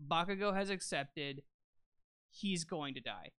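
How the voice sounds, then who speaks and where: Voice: medium pitch, animated, unhurried, fairly bright tone, clean tone. A young podcast co-host in casual chat, laid-back and explaining points at length with some swearing.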